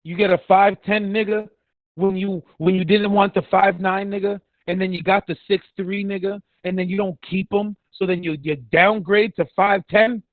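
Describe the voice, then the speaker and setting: A man's voice: sits high, steady tone, normal speed, dry recording. Man, fired-up sports rant, sarcastic, swearing, dry close sound. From Dominican heritage. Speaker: podcast co-host. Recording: dry, tinny phone-like line.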